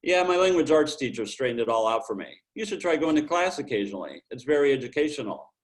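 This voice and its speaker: A man's voice: medium pitch, big pitch swings, pitched above the performer's own voice, close to an everyday voice. A man voicing a sassy, teasing schoolgirl hall monitor. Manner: teasing and quick-witted.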